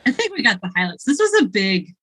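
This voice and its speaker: A woman's voice: a little high, big pitch swings, fast talker, a bit bright, husky, poor audio. A woman co-hosting a casual book podcast, blunt and opinionated in her views. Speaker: podcast co-host.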